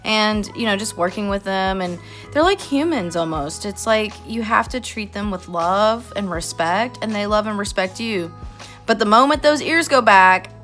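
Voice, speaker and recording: Bright-voiced woman, earnest and rambling. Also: mid-range voice, lively intonation, moderate pace. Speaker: artist vlogger. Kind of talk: casual voice-over while drawing. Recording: faint music behind.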